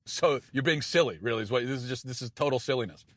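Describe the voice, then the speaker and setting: A man's voice: medium pitch, fast talker, a bit bright, no echo. A man delivering a sarcastic, incredulous opinion monologue, often stumbling and restarting as he talks. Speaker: political commentator.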